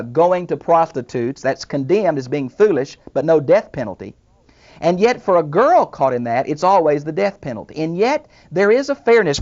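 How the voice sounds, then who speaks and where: An older man, a retired professor, giving a recorded Bible lesson in a thoughtful, unhurried lecturing manner with small asides. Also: on the high side, darkish tone, lo-fi sound. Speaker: Bible teacher.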